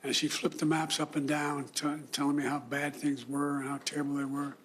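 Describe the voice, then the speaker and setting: An older man from the United States giving a formal, solemn speech, often clearing his throat. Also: a little high, flat delivery, fairly bright tone, slight background noise. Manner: measured, solemn delivery with frequent throat clearing. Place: indoor room.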